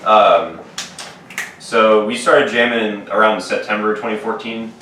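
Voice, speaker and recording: A man's voice: lowish voice, a little slow, pushed and bright. A man in his twenties, a band's drummer, telling stories in a rambling, laid-back way with many fillers in a casual podcast chat. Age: 20s. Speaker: band drummer, guest. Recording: roomy, distant mic with faint noise.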